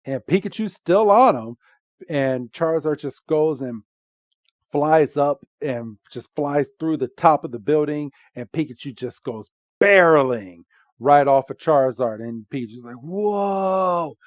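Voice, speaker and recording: A man hosting a podcast, retelling a movie scene by scene in a casual, animated way with frequent fillers. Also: fairly high pitch, measured pace, no echo, highs cut off. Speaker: podcast host. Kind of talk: casual movie recap chat.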